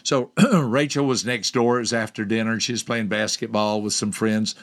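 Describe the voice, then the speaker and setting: An older man hosting a podcast, telling a personal story to listeners and asking them direct questions. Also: moderate pace. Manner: lively storyteller, acts out quoted voices with big pitch jumps. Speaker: podcast host and personality teacher.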